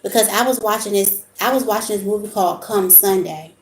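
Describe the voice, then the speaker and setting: Speaking fairly quickly at a medium pitch, a woman vlogger talks casually about spiritual matters, wandering into stories as she goes. The monologue is recorded in an echoey room.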